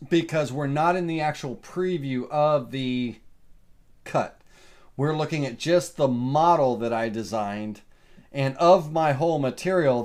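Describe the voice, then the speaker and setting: A man giving a relaxed live woodworking software tutorial, answering viewer questions with lots of fillers. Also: mid-range voice. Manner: casual, folksy, lots of uh and um fillers. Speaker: CNC woodworking instructor.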